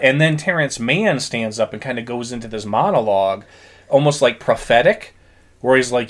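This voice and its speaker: A man's voice: medium pitch, normal speed, fairly bright tone. A man co-hosting a podcast in casual chat, earnestly retelling film scenes. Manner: earnest storytelling, acts out quotes. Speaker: podcast co-host.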